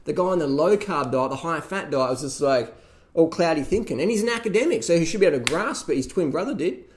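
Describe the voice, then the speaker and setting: A man's voice: fairly high pitch, expressive, fast talker, a little hiss or hum. A man ranting casually and profanely, mocking others with laughs as he reacts to a documentary. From Australia. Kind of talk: casual rant.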